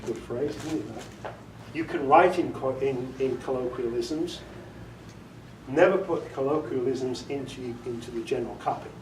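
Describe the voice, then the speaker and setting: A man's voice: mid-range voice, moderate pace. British man chatting through a workshop. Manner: chatty, joking, quizzes the audience. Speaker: audiobook director giving a workshop talk. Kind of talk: casual workshop talk. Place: meeting room with a small audience. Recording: echoey room, voice far from the mic, faint noise.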